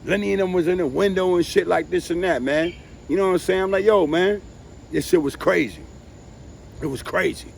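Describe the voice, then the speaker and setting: A man telling profane, animated street stories, who has been drinking. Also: high-pitched, fairly quick, gravelly, slight background noise. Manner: profane, animated street storytelling with sound effects. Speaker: interviewee. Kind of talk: casual storytelling.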